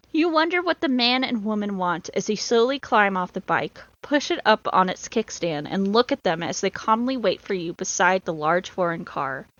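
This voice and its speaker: A woman's voice: medium pitch, fairly bright tone, no echo. A woman co-hosting a podcast, reading an adventure book aloud and often bursting into laughter. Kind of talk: casual read-aloud of an adventure story. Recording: dull lo-fi sound.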